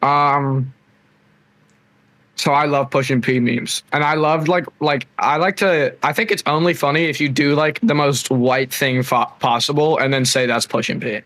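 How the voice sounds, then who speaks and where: A man's voice: on the high side, fairly even intonation, moderate pace, a bit bright. A young man co-hosting a podcast, joking crudely in casual chat and laughing a lot. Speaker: podcast co-host.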